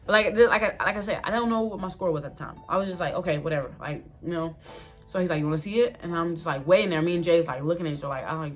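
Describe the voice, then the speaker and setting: A young woman vlogger telling a casual storytime, animated and full of fillers, quoting herself and others as she goes. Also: on the low side, rapid-fire, faint music behind. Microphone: phone or camera mic.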